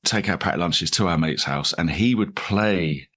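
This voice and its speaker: A man's voice: low voice, measured pace, a bit bright. A man in his forties, a comedian talking casually in an interview, rambling and self-deprecating with frequent restarts and laughs. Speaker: comedian guest.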